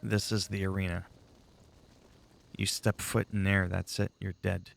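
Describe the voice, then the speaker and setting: A man's voice: deep voice, level tone, measured pace, vocal fry. A man giving casual, rambling commentary while playing a game, chatty and swearing freely. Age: adult, long-time player. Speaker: gaming channel host.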